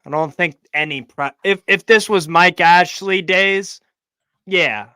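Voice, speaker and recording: Bright-voiced Chicago man. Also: sits high, slow, clean tone, no room sound. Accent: Midwestern American (Chicago). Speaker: live stream co-host. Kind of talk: casual live football chat.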